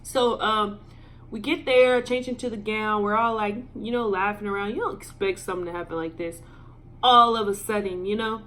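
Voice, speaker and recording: A young woman with a drawl tells a personal story straight to her viewers. Her speech is casual and halting, full of ums, and her voice sits in an ordinary middle range. A faint hiss sits under her voice. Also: mid-range voice, fairly even intonation, fairly bright tone. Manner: halting and filler-heavy, emotional. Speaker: vlogger. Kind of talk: storytime vlog.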